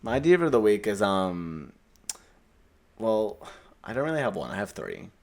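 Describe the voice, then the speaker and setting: A man's voice: lowish voice, sing-song, moderate pace. A young man, co-hosting a podcast and dropping dry, teasing comments. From Australia. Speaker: podcast co-host. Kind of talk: casual chat.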